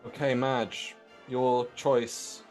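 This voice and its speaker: A man's voice: medium pitch, level tone, drawn-out words, a little mellow, soft background music. Playful podcast host, man. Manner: playful, laughs often, sets up questions. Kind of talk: casual political chat.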